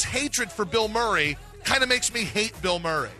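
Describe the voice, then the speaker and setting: A man with a high, very lively voice co-hosts a radio talk show, rambling and jumping into excited bursts. His tone is bright and sharp, with faint music underneath. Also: normal speed. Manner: animated, rambling, jumps into high excited outbursts. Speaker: radio sports talk co-host. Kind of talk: casual radio banter.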